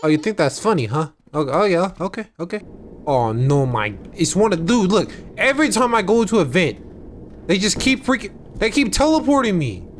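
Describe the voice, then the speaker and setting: A young man playing a horror game and commenting, jumpy and excitable, yelling when startled. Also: high-pitched, normal speed, slight background noise. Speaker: gaming channel host.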